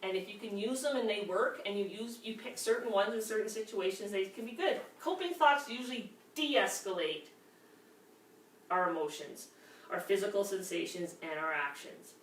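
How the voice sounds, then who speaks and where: A woman's voice: mid-range voice, moderate pace. A woman from Canada teaching a class, talking in a conversational way with frequent check-ins to her listeners. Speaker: workshop instructor. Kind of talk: class lecture on anger management. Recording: echoey room, distant mic, faint ambience.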